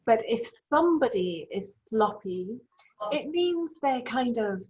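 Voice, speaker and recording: A woman's voice: fairly high pitch, big pitch swings, slow, a little mellow. A woman teaching an online English class, patiently explaining vocabulary with examples. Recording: dull lo-fi sound.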